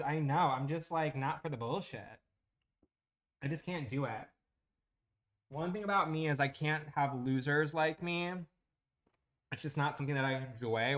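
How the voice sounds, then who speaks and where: A man's voice: on the high side, fairly bright tone. A man chatting bluntly and profanely with viewers while streaming a building game. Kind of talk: casual livestream chat.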